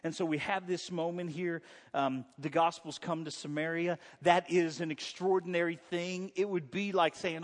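A man's voice: a little high, normal speed, long reverb tail. A male pastor preaching a sermon in a church, conversational and joking with the congregation. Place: church sanctuary.

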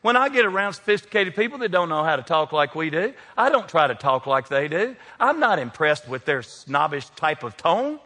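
Male pastor, folksy humor, bright tone, long church reverb. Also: fairly high pitch, sing-song, normal speed, few pauses. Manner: folksy, joking preacher addressing congregation by name. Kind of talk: sermon. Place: large church sanctuary. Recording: long hall reverb from sanctuary.

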